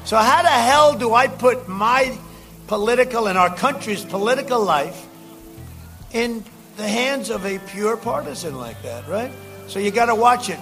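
A man speaking at a campaign rally, rambling and repeating phrases and shouting out to the crowd. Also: high voice.

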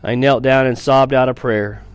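A man's voice: medium pitch, fairly even intonation, normal speed, clean tone, faint music behind. A man reading a first-person novel aloud in an earnest storytelling manner, with small stumbles and restarts. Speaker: reader of a novel.

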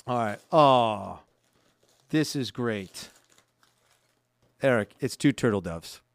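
A man's voice: mid-range voice, animated, slow, gravelly, no room sound. A man co-hosting a holiday podcast, reading listener cards aloud in a chatty way and laughing often. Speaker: podcast co-host. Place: studio. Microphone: studio microphone.

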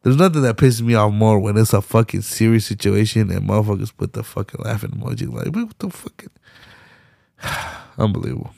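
Young male podcast host, gravelly, dry close sound, profane casual rant. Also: on the low side, fairly quick, dry recording. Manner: profane, animated street slang, frequent laughs. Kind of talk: casual solo commentary.

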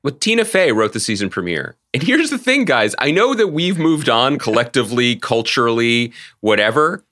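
A man's voice: medium pitch, very animated, moderate pace, a bit bright. A man co-hosting a podcast, chatting casually with lots of laughter and teasing. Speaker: podcast co-host. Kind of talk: casual chat.

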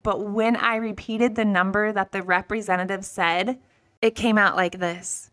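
A woman with an Ohio accent co-hosting a podcast, telling stories in an animated casual chat. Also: mid-range voice, normal speed. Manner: animated storyteller. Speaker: podcast co-host.

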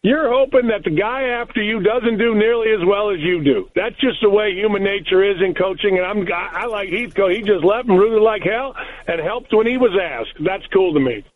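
A former basketball coach talking casually in a rambling, blunt way. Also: male voice, high-pitched, moderate pace, phone-quality sound. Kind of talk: casual sports talk.

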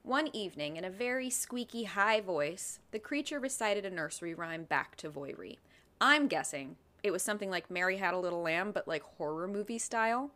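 A woman's voice: medium pitch, expressive, normal speed, pushed and bright. A woman co-host telling a spooky story to a friend in a casual chat, often laughing.

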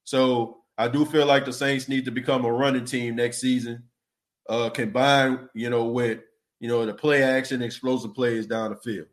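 A man's voice: mid-range voice, little pitch movement, normal speed. Easygoing man hosting a sports podcast. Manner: loose and conversational, restarts words, says "you know" and "man" often; reads out and answers listener comments. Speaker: podcast host. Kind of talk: casual sports talk podcast.

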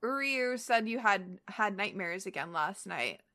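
A woman voicing a stern, amused female cat spirit, pushing her voice deep and slow while reading a fanfic aloud with friends. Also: expressive, bright, forceful tone. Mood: concerned. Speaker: co-reader.

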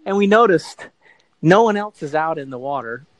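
A man's voice: a little high, lively intonation, normal speed, no echo, rough recording. A middle-aged man telling a long anecdote in a casual interview, rambling and correcting himself as he goes. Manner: rambling, self-correcting storyteller who acts out quoted voices.

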